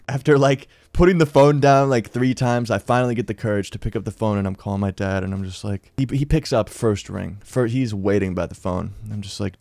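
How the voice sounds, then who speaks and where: A young man in his twenties tells a story to the camera in a loose, rambling way. He swears freely and keeps saying dude. His voice sits low and mellow, recorded dry and close. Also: fairly quick, vocal fry, hardly any pauses, no room sound. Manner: laid-back, rambling, swears a lot and says "dude". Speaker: YouTuber telling a story. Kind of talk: casual storytime vlog.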